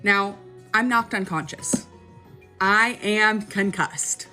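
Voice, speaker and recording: A woman's voice: mid-range voice, fairly even intonation, takes it slowly, bright, forceful tone, soft background music. A young woman casually telling a personal story, chatty and dramatic, often checking in with her listener. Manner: chatty, keeps checking in with "okay?".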